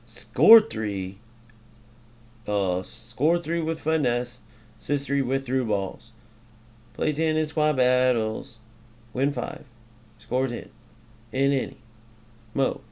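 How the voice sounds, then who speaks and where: A young American man commenting on his own gameplay, excitable and swearing often, with sudden loud outbursts. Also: medium pitch, slow pace, pauses often. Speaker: gaming YouTuber.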